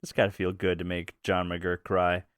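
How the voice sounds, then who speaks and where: A man's voice: low-pitched, completely flat delivery, moderate pace, fairly bright tone, clear, resonant tone, dry recording, studio quality. A man co-hosting a podcast, chatting casually, joking and laughing often. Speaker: podcast co-host.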